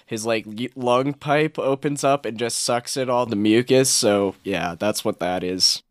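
A man's voice: mid-range voice, unhurried, dry recording, studio quality. A man co-hosting a casual podcast chat, often stumbling and searching for the right word. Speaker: podcast co-host.

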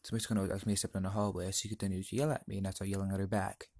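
A man's voice: deep voice, little pitch movement, very fast, darkish tone, dry recording, studio quality. A teenage boy hosting his own podcast, telling a personal story in an earnest, emotional, confiding way. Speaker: podcast host.

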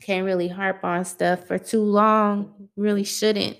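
A woman's voice: mid-range voice, level tone, slow, creaky. A young adult woman hosting her own podcast, chatting casually in a laid-back, slangy way. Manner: laid-back, conversational, loose slangy phrasing. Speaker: podcast host. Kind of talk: casual solo podcast chat.

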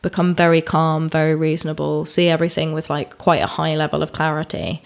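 A non-binary guest on a podcast in casual chat, candid and expressive, swearing freely. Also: medium pitch, fairly quick, vocal fry.

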